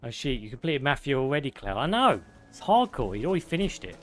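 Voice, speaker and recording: Man, British accent, game streamer, casual live commentary, swears a lot, mid-pitched voice. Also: very animated, quick pace, a bit bright, soft background music. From United Kingdom. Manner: casual, chatty, swears freely. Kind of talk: live gameplay commentary, chatting with viewers.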